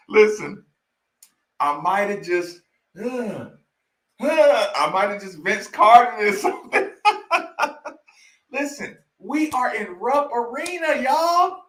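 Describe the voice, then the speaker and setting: A man's voice: very high-pitched, big pitch swings, extremely slow, pauses often, fairly bright tone, roomy sound. A man talking casually as a host, laughing often and repeating himself while reacting to old game footage. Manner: laughs often, repeats lines, addresses "y'all". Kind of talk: casual chat.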